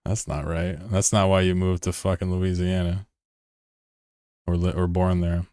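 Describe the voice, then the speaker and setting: Low-voiced guy streaming a game, swears a lot, laughs, chats w viewers, dry close sound. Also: a little slow, no room sound. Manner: excitable, swears freely, laughs often; answers chat between gameplay calls. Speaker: live streamer. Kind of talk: casual live-stream gaming chat.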